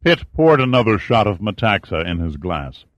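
A man reads a novel aloud in a steady narration. His voice is low and deep. The recording is close and dry, with no room around it. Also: moderate pace, no echo, lo-fi sound. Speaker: audiobook narrator. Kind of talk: scripted narration.

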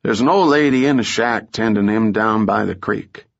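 Morose barkeep, wary and plain, lowish voice, narrator doing him; muffled storybook audio. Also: male voice, normal speed, gravelly.

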